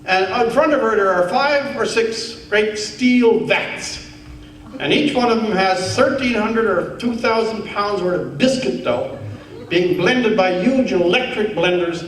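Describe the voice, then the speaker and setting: High-voiced man in echoey hall. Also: measured pace, slight background noise. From Newfoundland, Canada. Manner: animated, wry, building to earnest rhetoric. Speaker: keynote speaker. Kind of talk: humorous storytelling speech. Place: large conference hall. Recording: echoey hall, heard from far off.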